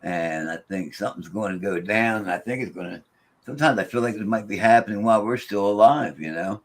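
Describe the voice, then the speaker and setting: A man's voice: on the low side, fairly quick. Rambling man in casual chat. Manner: rambling, with many restarts, quoting spirits. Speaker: paranormal investigator.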